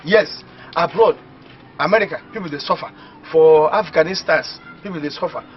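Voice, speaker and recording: An actor playing an excitable, boastful young village man who talks in Nigerian Pidgin English. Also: on the high side, moderate pace, close to an everyday voice. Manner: boastful, excitable, laughing often. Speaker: villager dreaming of going to the city. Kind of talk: comedy film acting. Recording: muffled film audio with faint hiss.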